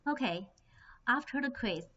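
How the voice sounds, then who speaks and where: A woman's voice: fairly high pitch, lively intonation, a little slow, sharp tone. A woman teaching a beginner lesson, speaking carefully and demonstrating tones. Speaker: Chinese language teacher. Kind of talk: online language lesson. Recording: slightly dull lo-fi recording.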